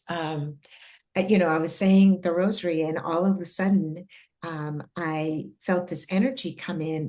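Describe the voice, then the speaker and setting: A woman's voice: lowish voice, darkish tone. A middle-aged woman telling her spiritual experiences as an interview guest, earnest and full of fillers and restarts. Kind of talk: casual interview storytelling.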